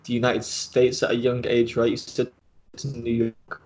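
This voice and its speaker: A man's voice: medium pitch, monotone, moderate pace, darkish tone. Rambling man hosting a chat. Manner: rambling, many fillers and restarts. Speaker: host. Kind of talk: casual video chat interview.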